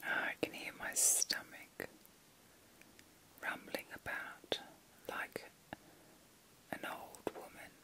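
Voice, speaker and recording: Lying in bed at night, this ASMR host, a woman of middle age, whispers slow, calming reflections to her viewers. The tone of her voice is bright and somewhat pushed.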